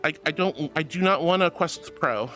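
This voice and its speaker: A woman VTuber with a low, slightly bright voice chats casually at a moderate pace on a livestream, reading chat and gushing cutesy thanks to her viewers. She streams from an indoor VR setup, with faint music playing behind her.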